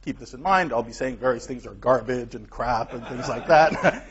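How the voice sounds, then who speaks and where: A man giving an academic colloquium lecture in a hall with a clip-on mic, emphatic and energetic, often laughing at his own remarks. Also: medium pitch, moderate pace. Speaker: guest lecturer. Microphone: clip-on microphone. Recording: dull lo-fi lecture recording.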